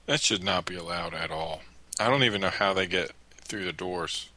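A man's voice: sits low, moderate pace, bright, forceful tone. A man in casual podcast chat, answering in short, dry, wry remarks.

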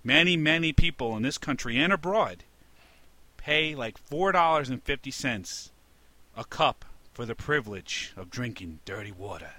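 A man's voice: medium pitch, lively intonation, normal speed, no echo. A man from New York with a New York accent, a podcast co-host ranting comedically and getting more and more exasperated. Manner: exasperated, ranting, rising to indignant shouts. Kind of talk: comedic rant.

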